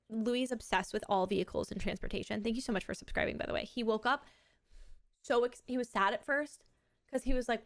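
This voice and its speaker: Chatty, swearing woman streamer, slightly high. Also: fairly bright tone. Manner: rambling, chatty, swears freely. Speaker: live streamer. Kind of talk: casual chat.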